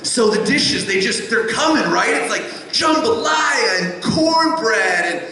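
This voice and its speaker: A man telling a personal story live on stage, animated and rambling, with a self-mocking streak. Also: extremely high pitch, a little slow. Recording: echoey live hall.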